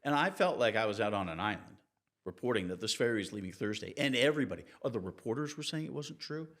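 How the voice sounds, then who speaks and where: A man, a TV reporter and interview guest, telling anecdotes in a relaxed, animated way and acting out the people he quotes. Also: fast talker. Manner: animated, acts out quoted people with raised pitch. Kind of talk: conversational storytelling in an interview.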